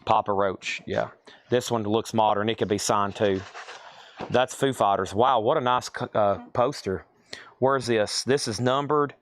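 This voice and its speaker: A man's voice: lowish voice, unhurried, no room sound. A man hosting a live online sale, calling out prices and buyers' names and thinking aloud as he sorts items indoors. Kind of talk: live auction selling.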